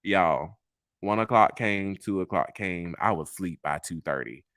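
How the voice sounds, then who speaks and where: A man hosting a vlog, telling stories in a sassy, animated way straight to his viewers and laughing at his own tales. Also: low-pitched, a little slow, clear, resonant tone, dry recording, studio quality. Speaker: vlog host. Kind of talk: casual storytelling monologue.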